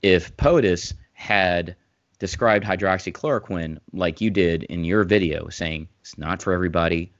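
Deep-voiced man rambling on a podcast. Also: normal speed, dry recording. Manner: rambling, restarts, grows animated and emphatic. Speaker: podcast co-host, former physician. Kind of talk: casual podcast conversation. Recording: dull dry remote mic sound.

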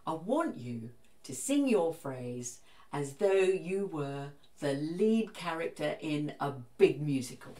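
A woman giving a vocal coach's step-by-step singing lesson, with calm, encouraging instructions. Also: low-pitched, slow, roomy sound, recorded from a distance.

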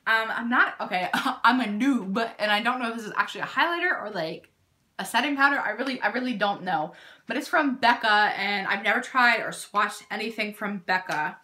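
A young woman in a casual beauty unboxing vlog, gushing and excitable as she talks to her viewers. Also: medium pitch, brisk. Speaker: beauty YouTuber.

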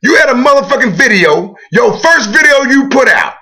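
A man's voice: very high voice, sing-song, normal speed, pushed and bright. A man ranting to the camera in a video blog, boastful and profane, taunting a rival. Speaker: video blogger. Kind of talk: trash-talking rant to camera.

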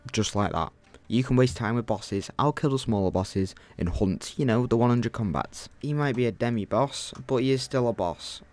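A man's voice: on the low side, a little mellow. A young man co-hosting a gaming channel, commenting on his gameplay in a grumbling, exasperated rant.

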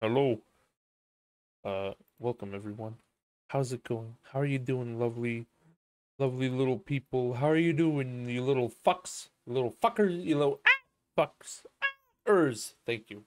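A man's voice: medium pitch, unhurried. A tired man streaming a game, rambling crudely and goofily to his chat. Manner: rambling, crude and goofy, drifting into silly voices. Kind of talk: casual live-stream chatter.

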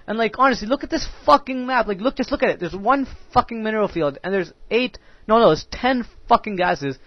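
A man's voice: sits high, animated, fairly quick, few pauses, no room sound. A young man giving profane, ranting commentary over his own match, full of filler words. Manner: ranting, crude, heavy use of filler words. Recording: dull dry lo-fi mic.

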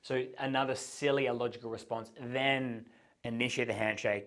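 A man gives a dating-advice lesson at a whiteboard. His voice sits at an ordinary pitch for a man, and he delivers the teaching in an animated way, slipping into sample pickup lines as he explains. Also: moderate pace. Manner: animated, acts out both sides of conversations. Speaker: dating coach.

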